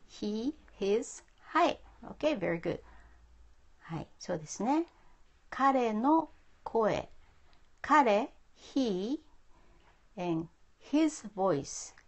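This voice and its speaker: A woman teaching a live-streamed language lesson. She speaks slowly and patiently, repeating words for her viewers, with a gravelly edge to her voice. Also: mid-range voice, big pitch swings. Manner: patient, repeats phrases, mixes English and Japanese. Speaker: Japanese teacher. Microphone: phone.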